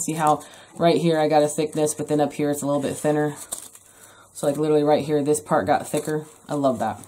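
Low-voiced chatty woman crafter. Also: mellow, a little hiss or hum. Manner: chatty, jokey asides. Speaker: craft video host. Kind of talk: casual craft tutorial. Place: home craft room.

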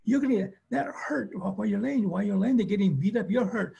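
A man with a very husky, breathy voice and a soft, mellow tone, speaking as a therapist in a webinar. He talks plainly and tells stories, driving each point home by repeating it. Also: high-pitched, expressive, quick pace. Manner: emphatic, repetitive phrasing with acted-out quotes; plainspoken storytelling. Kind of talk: webinar talk on family conflict.

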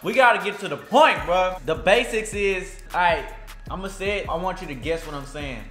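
A man's voice: high-pitched, lively intonation, normal speed, sharp tone. A young man hosting a casual vlog, joking and teasing in slangy talk and tossing in Spanish phrases. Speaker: vlogger host. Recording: echoey room with faint music.

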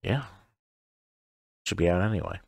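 A man's voice: deep voice, normal speed, creaky, husky, dry recording. Casual rambling man in a dry home studio. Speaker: podcast co-host. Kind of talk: casual chat.

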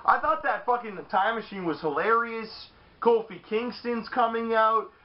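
A man reviewing a wrestling show in casual, profane banter, loud and animated, sometimes shouting. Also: very high-pitched, normal speed. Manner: loud, animated, swears often, shouts in mock voices. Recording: dull lo-fi sound.

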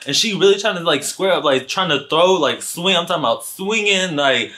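A man vlogger telling a storytime, acting out the dialogue and swinging into high voices. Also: lively intonation, brisk, hardly any pauses, bright, forceful tone. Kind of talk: storytime narration.

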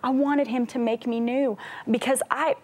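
A woman's voice: sits high, steady tone, normal speed, darkish tone. A woman singer, a guest on a talk show, earnestly telling her personal faith story and laughing now and then. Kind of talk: personal faith testimony in an interview.

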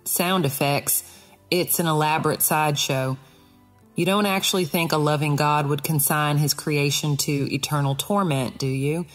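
A cunning male death adder, put on by a woman reading an audiobook, his words dripping with honey. He coaxes and teases in a low, sing-song voice. Soft music plays faintly underneath. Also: fairly even intonation, normal speed. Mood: mocking. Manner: sweet, coaxing, sing-song. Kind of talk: audiobook character voice.

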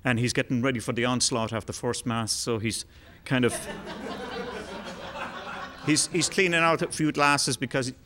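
A man's voice: mid-range voice, normal speed, noisy background. Man telling a rambling joke. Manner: relaxed, rambling, with fillers. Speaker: musician telling a joke on stage. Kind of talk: told joke, live storytelling. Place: concert hall.

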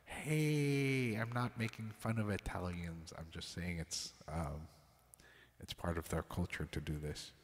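A man's voice: sits low, fairly even intonation, normal speed, in a large hall. A man hosting a livestream, chatting casually with viewers, often laughing and apologizing as he rambles. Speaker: livestream host. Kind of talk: casual chat with stream viewers.

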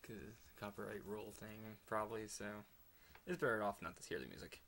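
A man giving excitable let's play commentary, laughing often and slipping into whispered asides. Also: fairly low pitch, a little fast, vocal fry, slight background noise. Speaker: gamer.

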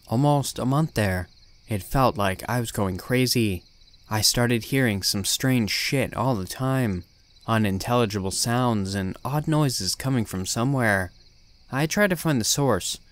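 Blunt man narrating a horror story. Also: medium pitch. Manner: blunt, swearing, tough-guy first-person telling.

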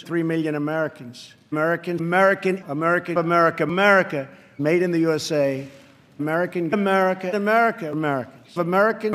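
Male political speaker, emphatic, slightly high voice, long hall reverb, light music bed. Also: a bit bright. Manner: emphatic, repetitive declarations. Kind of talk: spliced speech clips over a beat.

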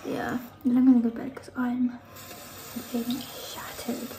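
A young woman talks to her phone in a casual, rambling vlog. Her voice sits high, and she often drops to a whisper. Steady background noise runs under the whole recording. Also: normal speed, low-quality recording. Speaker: vlogger. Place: at home and outdoors.

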